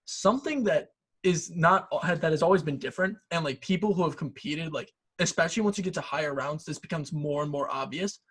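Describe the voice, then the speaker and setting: A young man with a husky, slightly high voice explains practical tips over a video call. His delivery is casual and chatty, full of fillers. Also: a little fast, fairly bright tone. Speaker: debate instructor. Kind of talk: online workshop lecture. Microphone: computer mic on a video call.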